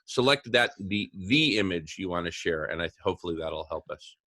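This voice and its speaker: A man's voice: deep voice, lively intonation, brisk, pushed and bright. A man hosting a video call, patiently giving step-by-step instructions in a casual tone. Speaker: host.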